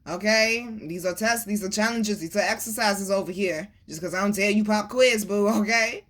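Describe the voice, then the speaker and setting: A woman doing a casual tarot reading for her viewers in a lively, preaching cadence. She calls them baby and boo. She swears easily and without any edge. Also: medium pitch, moderate pace. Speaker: tarot reader.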